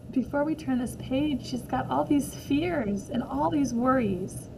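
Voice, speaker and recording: Teacher lady in her 30s reading to kids, high voice, slow and clear. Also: a little hiss or hum, poor audio. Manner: warm, asks children questions. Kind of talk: children's read-aloud.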